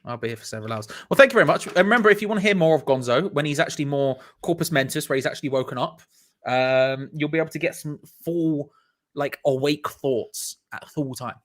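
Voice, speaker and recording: A man's voice: a little high, fast. A man, hosting a live stream in an upbeat, chatty way and reading out viewers' comments. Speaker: host.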